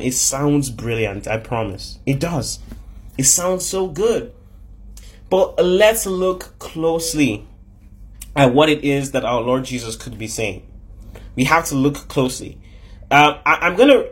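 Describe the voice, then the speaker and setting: A man preaching an animated, conversational podcast sermon. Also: a little high, slightly rough. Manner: animated, conversational, with frequent restarts.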